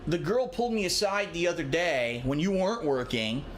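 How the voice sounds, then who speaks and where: A man's voice: a little high, animated, a little hiss or hum. A man telling a long rambling personal anecdote, acting out what others said. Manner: drawn-out, rambling, acts out quotes. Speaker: storyteller in a played clip.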